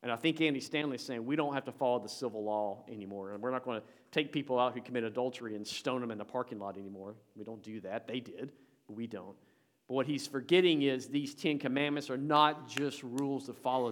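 A male pastor delivering a sermon in a mid-range voice. He talks to the congregation in a conversational way, pushing his voice up for emphasis and then dropping it low again. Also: a little fast. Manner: emphatic, rising and falling in volume; conversational, addressing the congregation directly.

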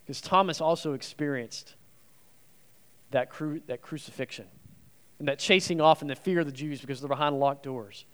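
Guest preacher, male, slightly high voice, earnest and emphatic, long church reverb. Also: animated, brisk. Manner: earnest, emphatic, acts out quoted speech. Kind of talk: conversational sermon. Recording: long reverb of a large hall.

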